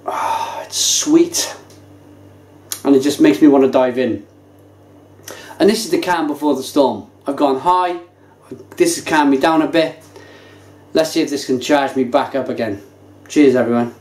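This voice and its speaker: A man reviewing craft beer to camera, talking casually with animated enthusiasm. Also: medium pitch, moderate pace, long pauses. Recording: echoey room.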